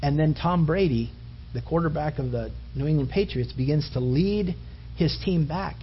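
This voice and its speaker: A male preacher delivering a sermon as animated storytelling that builds to emphatic peaks. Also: on the high side, moderate pace, a little hiss or hum. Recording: dull lo-fi recording.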